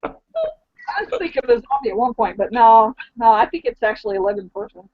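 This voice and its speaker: High-voiced woman in casual chat. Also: sing-song, brisk. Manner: eager, makes confident predictions. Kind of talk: casual chat about a TV show. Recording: dull lo-fi recording.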